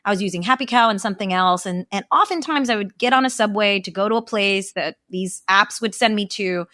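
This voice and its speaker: Young woman guest, candid storyteller, swears easily, mid-pitched, dry mic. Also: brisk, sharp tone, dry recording. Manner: candid and profane, chatty. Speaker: guest, event founder. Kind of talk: casual podcast interview storytelling.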